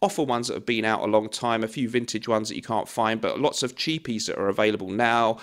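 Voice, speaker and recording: A man's voice: fairly low pitch, fairly even intonation, fairly quick, a bit bright. A man in his forties giving a chatty, rambling video review with a self-deprecating streak. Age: 40s. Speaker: fragrance YouTuber. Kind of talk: casual video review chat.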